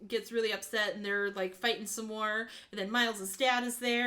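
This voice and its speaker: A woman recaps a movie on a podcast with easy, animated storytelling. She jumps into quick acted-out quotes and laughs as she goes, her voice sitting at an ordinary middle pitch. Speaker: podcast co-host. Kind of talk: casual movie recap chat.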